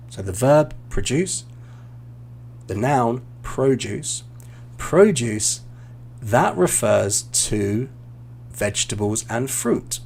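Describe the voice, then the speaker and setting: A British man teaching English exam writing, explaining slowly and repeating key words for learners. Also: mid-range voice, expressive, gravelly, a little mellow, breathy edge. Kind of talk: online teaching walkthrough.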